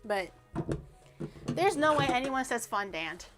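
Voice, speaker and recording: A woman's voice: sits high, slow pace, soft background music. Playful woman streamer baking and chatting. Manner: playful, teasing and animated, reacts to chat. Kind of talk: casual stream chat while baking. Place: home kitchen.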